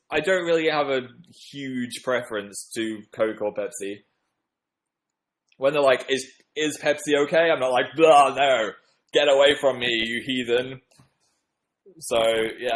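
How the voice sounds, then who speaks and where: Reading out viewer comments on his relaxed livestream, this young man from northern England rambles along playfully and pokes fun at himself. His voice is medium in pitch, and the recording quality is low.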